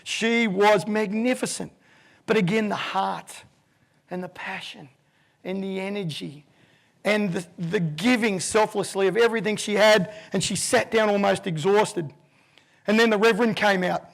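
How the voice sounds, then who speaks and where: Man, 50s, keynote speaker; lively storyteller with a high, gravelly voice. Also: unhurried. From Australia. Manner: vivid, animated storyteller who acts out voices.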